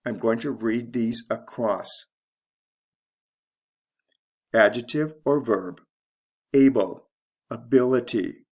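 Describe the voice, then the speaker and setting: A man teaching an English pronunciation lesson, reading word pairs slowly and spelling out endings letter by letter. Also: mid-range voice, a bit bright. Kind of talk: slow, deliberate pronunciation lesson.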